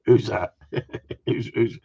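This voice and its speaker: A man's voice: mid-range voice, drawn-out words, dark tone, breathy edge, dull audio. A middle-aged man who trains gundogs, hosting a casual live-stream Q&A and ranting bluntly, swearing freely as he rambles through his opinions. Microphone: live-stream mic.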